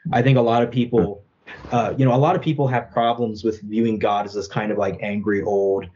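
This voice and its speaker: This young adult Catholic apologist reflects earnestly during an interview, peppering his speech with "right?" and "you know." He speaks a little fast in a dark, lowish voice with fairly even intonation, and the highs are cut off.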